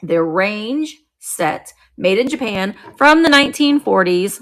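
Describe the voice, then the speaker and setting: A woman's voice: mid-range voice, lively intonation, takes it slowly, fairly bright tone. Chatty woman hosting a live auction. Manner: chatty, greets viewers by name while describing items. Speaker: live online auction seller. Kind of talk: live-stream sales chat.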